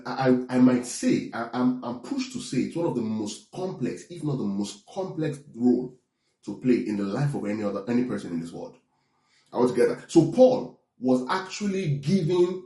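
A man's voice: medium pitch, mellow, roomy sound. A man preaching a sermon, teaching in a conversational way with frequent check-ins and restarts. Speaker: pastor.

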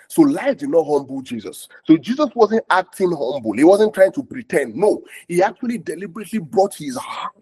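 Husky male pastor, animated sermon delivery with repeated call-and-response lines. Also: on the high side, a little fast, hardly any pauses. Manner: repetitive call-and-response, asks "are we together?".

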